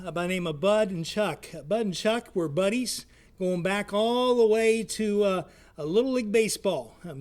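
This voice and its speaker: A male community educator presents and tells a story in a casual, folksy manner, often pausing on fillers. His voice sits high for a man. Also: darkish tone. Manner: friendly, folksy, frequent filler words.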